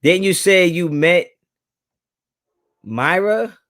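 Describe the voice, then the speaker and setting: A young man, hosting a live stream and casually reading viewer chat, laid-back and slangy, laughing often and swinging his pitch up and down. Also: lively intonation, extremely slow, a bit bright.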